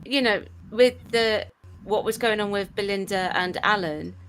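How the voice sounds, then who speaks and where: A woman gives her views on a podcast panel, animated and firm. Her voice sits in the middle range. A clear layer of background noise runs behind her. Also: medium pitch, unhurried, low-quality recording. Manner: animated, opinionated. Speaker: podcast co-host. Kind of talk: casual panel discussion.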